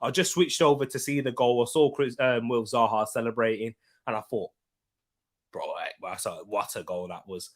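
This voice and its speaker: A young man hosting a live football watchalong, chatting casually and bursting into loud excited shouts at big moments. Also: medium pitch, moderate pace. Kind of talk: live match commentary and chat.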